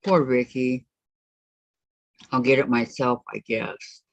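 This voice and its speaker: A woman's voice: a bass voice, fairly even intonation, slow, no echo. A woman hosting a casual craft livestream, reading viewers' chat comments aloud and answering them. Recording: dull lo-fi stream audio.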